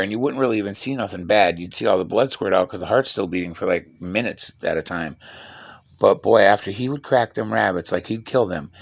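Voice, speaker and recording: Gravelly profane middle-aged man. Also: fairly low pitch. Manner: profane, blunt storyteller; talks while working with tools. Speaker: vlogger. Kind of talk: rambling casual monologue.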